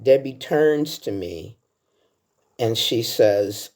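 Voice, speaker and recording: A slow, rumbling low voice with an animated, warm quality belongs to a woman in her sixties who vlogs about film. She casually walks through her favorite-movies countdown, sharing heartfelt stories in a chatty way.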